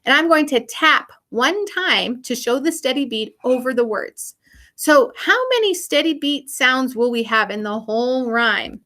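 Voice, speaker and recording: A woman's voice: high-pitched, lively intonation, unhurried, sharp tone. A woman music teacher giving a recorded online lesson for young children, explaining each step in an upbeat, encouraging way.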